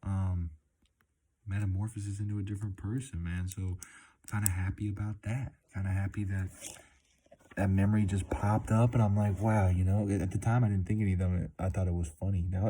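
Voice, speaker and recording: A man's voice: low-pitched, mellow. A young man talking casually in a rambling vlog, laid-back and swearing a lot, tacking "man" and "dude" onto his sentences. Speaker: delivery driver vlogger.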